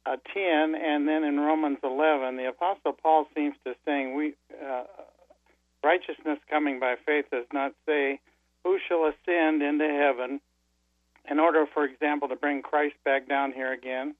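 A man's voice: on the high side, steady tone, moderate pace, dry recording. A man calling in to a radio show, talking hesitantly with many fillers. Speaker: caller. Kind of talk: phone-in call. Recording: tinny phone line.

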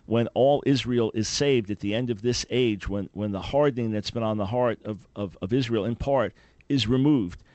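A man's voice: mid-range voice, a little mellow, no room sound. An earnest man hosts a Christian call-in radio show from a studio, teaching as he answers questions about scripture. His voice sits in the middle range, and the microphone sound is close and dry.

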